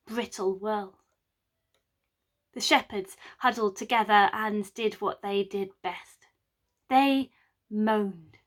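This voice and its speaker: A woman scholar telling a medieval play aloud as a winter tale, with lively, wry asides to the listener. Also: fairly high pitch. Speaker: storyteller, medieval drama scholar. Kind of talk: oral storytelling of a medieval play.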